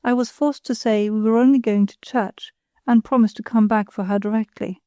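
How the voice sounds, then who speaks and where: A woman's voice: a little high, steady tone, normal speed, mellow, clean tone, no echo, lightly acted. A woman reading the part of a fussy, particular older mother.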